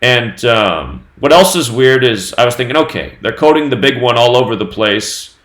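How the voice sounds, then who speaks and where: A man hosting his own news channel, talking on his own through dates and number sums in a steady, running commentary. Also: medium pitch, normal speed, reverberant. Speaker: host of a numerology news channel.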